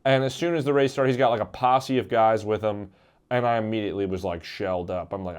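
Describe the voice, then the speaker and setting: A man casually telling a comedic story about himself, wry and halting, with plenty of fillers. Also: on the low side, steady tone, clear, resonant tone.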